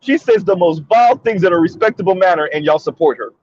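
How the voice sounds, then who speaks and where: A man's voice: sits high, fast, a little mellow, dry recording, highs cut off. A man hosting a commentary monologue, pressing his points with repeated rhetorical questions. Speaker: commentary video host.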